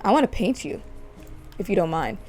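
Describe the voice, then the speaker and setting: A woman's voice: fairly low pitch, big pitch swings, normal speed, a little mellow, faint music behind. A woman chatting playfully through a life-sim game let's play, giggling often. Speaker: gaming channel host.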